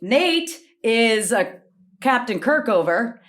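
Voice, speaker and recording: A woman's voice: a little high, very animated, slow. A woman hosting a comedy podcast game in a playful, teasing way. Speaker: quiz host.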